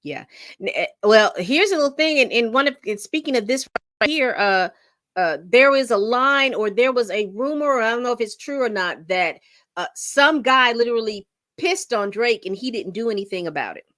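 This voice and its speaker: A woman's voice: a little high, animated, normal speed, a bit bright, no room sound, clean studio sound. A middle-aged woman hosting a casual livestream, rambling and reading chat comments aloud. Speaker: livestream host.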